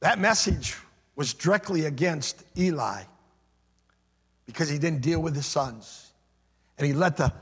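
A man's voice: a little high, fairly bright tone, slightly rough, in a large hall. A man preaching a sermon as pastor, emphatic, repeating phrases and swelling into a sing-song preaching cadence.

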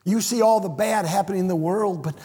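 Male preacher, husky, high voice, emphatic sermon delivery in a hall with long echo. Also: a little fast. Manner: emphatic, swings between hushed and shouted; repeats phrases for stress. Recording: echoey hall with long reverb.

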